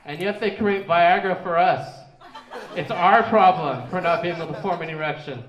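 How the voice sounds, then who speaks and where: A man's voice: sits high, normal speed, dull audio. A young man doing a stand-up comedy set in a small club, rambling and restarting his words as he goes. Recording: echoey club room.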